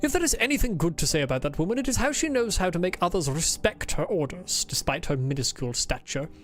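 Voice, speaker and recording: A woman's voice: on the low side, expressive, fast talker, a little hiss or hum, lightly acted. A woman voicing a pompous, insufferable male officer as she reads his game diary aloud in a stiff, formal put-on accent.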